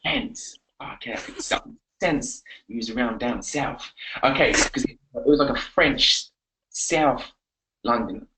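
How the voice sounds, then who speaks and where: A man coaching on a live webinar, energetic and repetitive, giving pep talks. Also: mid-range voice, slow, noisy background. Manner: energetic, pep-talking, repeats himself. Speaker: confidence coach.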